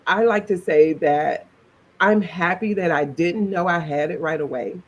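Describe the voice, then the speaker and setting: A woman's voice: lowish voice, unhurried, lo-fi sound. Chatty middle-aged woman. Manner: animated, chatty, laughs while telling her story. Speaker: interview guest. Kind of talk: personal storytelling interview.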